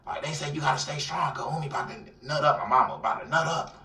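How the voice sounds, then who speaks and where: A man with an Atlanta accent telling a dramatic personal story in an interview, acting out the voices and swinging between loud outbursts and near-whispers. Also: fairly high pitch, quick pace, few pauses. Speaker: guest telling his life story. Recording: roomy, somewhat distant mic.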